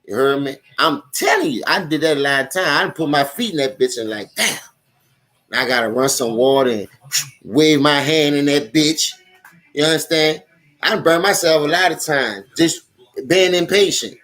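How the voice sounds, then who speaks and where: A young sports commentary host with a New Orleans accent rants profanely and animatedly about football on a live stream, talking straight to his viewers. His voice is a little high and fairly bright, at normal speed.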